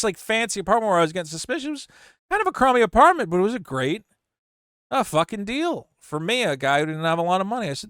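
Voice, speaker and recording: A middle-aged man hosting a channel, frankly telling a story against himself in an animated way, often restarting his sentences. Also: sits high, fast, smooth, no room sound, studio quality. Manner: animated, frank, self-mocking, with frequent restarts. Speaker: channel host. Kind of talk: casual storytelling monologue.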